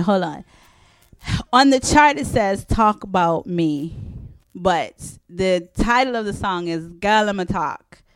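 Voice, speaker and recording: A woman's voice: mid-range voice, no room sound. A woman hosting a radio countdown show, chatting casually, rambling and correcting herself on air.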